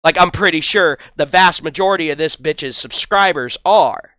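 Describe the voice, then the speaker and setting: Crude, scornful high-voiced man. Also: moderate pace, sharp tone, dry recording, highs cut off. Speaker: commentary video host. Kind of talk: profane reaction commentary.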